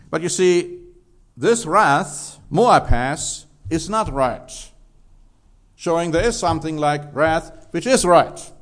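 A man preaching a sermon, emphatic, reading scripture aloud and stressing key words. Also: on the high side.

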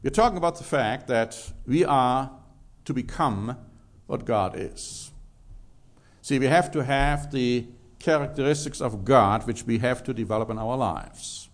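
A man's voice: mid-range voice, unhurried. A man preaching a sermon, emphatic, reading scripture aloud and stressing key words.

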